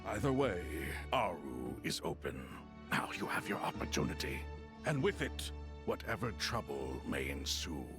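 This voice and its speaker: An actor playing a solemn, formal male retainer spirit in a video game, speaking in a measured, gravelly way over game music. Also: sits low, very animated. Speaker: game character, a former retainer.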